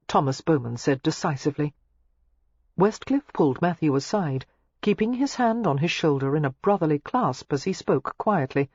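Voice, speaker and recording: An audiobook narrator reading a romance novel in a measured, even way, recorded on a close mic. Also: mid-range voice, breathy edge, no room sound, highs cut off.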